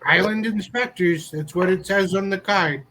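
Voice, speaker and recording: High-voiced joking man player. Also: moderate pace, pushed and bright. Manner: wry, joking quips. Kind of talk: casual tabletop play.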